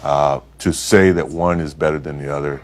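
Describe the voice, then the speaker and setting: A man, an athlete, answering an interview question in a thoughtful, measured way. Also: rumbling low, steady tone. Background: faint music.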